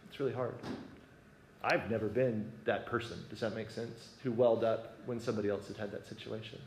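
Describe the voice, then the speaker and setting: A man's voice: fairly low pitch, fairly even intonation, a little fast. Guy telling a personal story to a group, earnest, keeps asking does that make sense, echoey room, faint hum behind. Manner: conversational, asks listeners if it makes sense. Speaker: speaker sharing a reflection. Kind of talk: personal reflection to a gathering.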